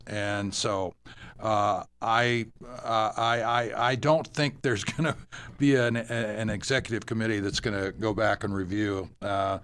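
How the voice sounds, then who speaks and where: An older man, a former ballplayer, talking as a radio guest in a measured, halting way. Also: on the low side, fairly even intonation, fairly bright tone, slight background noise. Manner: measured, halting, many restarts. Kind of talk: casual interview talk.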